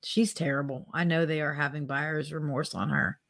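A woman co-hosting a casual panel chat, playful and opinionated with quick interjections. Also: sits low, fairly even intonation, vocal fry, fairly bright tone. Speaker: show co-host.

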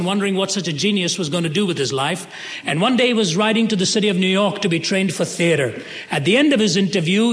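A man's voice: high-pitched, fairly bright tone, long reverb tail. A man preaching a sermon, telling a story dramatically and voicing the people in it.

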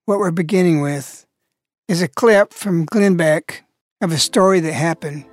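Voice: mid-range voice, unhurried, no room sound. A host introducing a broadcast in an earnest, emphatic way. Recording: dry recording with faint music behind.

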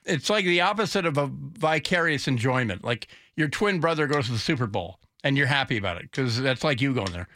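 A man's voice: medium pitch, expressive, a little fast, few pauses, bright, forceful tone, dry recording. A man hosting a talk radio show in a studio, rambling off the cuff with sardonic asides. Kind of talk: casual talk radio monologue.

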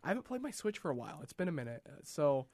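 An enthusiastic man in his thirties co-hosts a podcast, talking in a chatty way full of fillers. His voice sits a bit above the usual male pitch, and the close studio sound is dry. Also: sing-song, very fast, a little mellow, no echo. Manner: chatty and enthusiastic, lots of likes. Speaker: podcast co-host. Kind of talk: casual podcast chat.

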